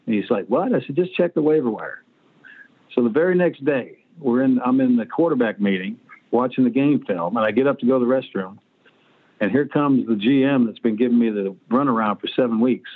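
Man in his sixties, blunt profane storyteller, tinny phone-line sound, mid-pitched voice. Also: fairly quick. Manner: blunt, profane anecdotes with acted-out quotes. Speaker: guest, former pro quarterback. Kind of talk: storytelling interview.

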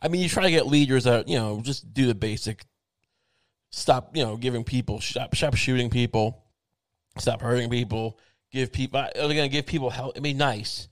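A man's voice: medium pitch, moderate pace, no echo, clean studio sound. A man hosting his show in a meandering, wry casual monologue, thinking aloud with many restarts. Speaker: show host.

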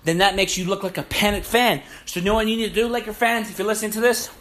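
A man's voice: sits high, fairly even intonation, fast talker, fairly bright tone. A young man hosting a sports podcast, delivering a heated, profane, repetitive rant to listeners. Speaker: podcast host. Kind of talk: ranting sports podcast monologue.

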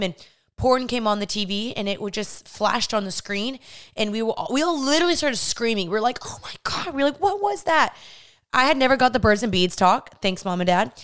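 A woman's voice: mid-range voice, clear, resonant tone. A young woman podcast host telling a personal faith testimony in a candid, earnest, chatty way.

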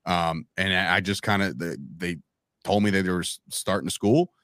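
A man telling stories as a podcast guest in a casual, animated way, acting out quoted lines and calling the listener "bro" and "man". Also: sits low, normal speed, no echo, studio quality. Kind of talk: casual storytelling chat.

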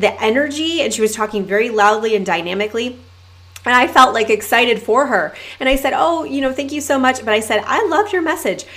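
A young adult woman hosting a solo podcast, coaching her listeners in an energetic, emphatic way and often calling them "you guys.". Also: mid-range voice. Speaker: podcast host and network marketing coach.

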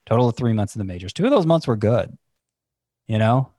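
A man talks through his picks in casual podcast chat, stopping and restarting as he thinks. His voice sits low, and the sound is dry and close with no room around it. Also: expressive, brisk, warm tone, no echo. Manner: thinking aloud, restarts, second-guesses himself. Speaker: fantasy baseball analyst.

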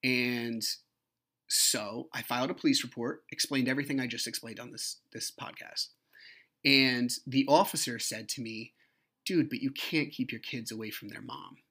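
A man's voice: mid-range voice, steady tone, moderate pace, sharp tone. Frank, heated man recounting a custody clash. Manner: frank, profane, heated retelling. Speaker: podcast host. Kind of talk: personal storytelling monologue.

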